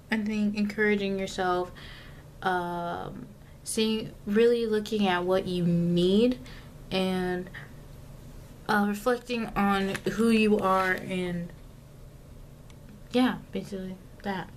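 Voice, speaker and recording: A young woman talks to her own camera at home in a relaxed, unhurried way. She rambles, stops to reword herself, and fills pauses with plenty of "um"s and "like"s. Her voice sits at an average pitch, and a faint hum of household ambience stays in the background. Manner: rambling, self-correcting, lots of fillers and asides. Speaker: vlogger. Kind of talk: casual self-filmed vlog talk. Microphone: camera mic, self-filmed.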